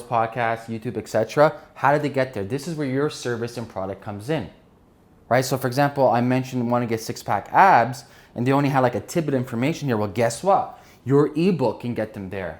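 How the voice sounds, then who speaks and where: Energetic man teaching a lesson. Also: mid-range voice. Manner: energetic, keeps checking in with "right?" and "okay?". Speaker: business instructor. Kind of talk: explanatory lesson, drawing on a board.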